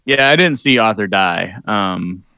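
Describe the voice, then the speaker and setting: A man chatting about a film, stumbling through restarts before landing a wry point. His tone is bright and a little sharp. It is recorded close with a dry sound. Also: fairly low pitch, lively intonation, unhurried, no room sound. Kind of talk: casual movie chat.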